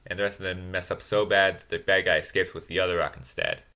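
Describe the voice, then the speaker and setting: Snarky guy rattling off a movie recap real fast, low voice but bright and sharp. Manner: deadpan self-mocking snark. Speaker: movie reviewer. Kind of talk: sarcastic comedic movie recap.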